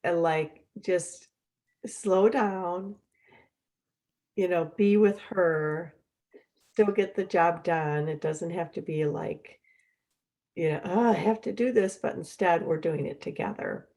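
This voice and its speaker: A middle-aged woman hosting a podcast, talking in a relaxed, chatty way with lots of fillers. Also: fairly low pitch, slow pace, long pauses. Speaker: podcast host. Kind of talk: casual conversational chat.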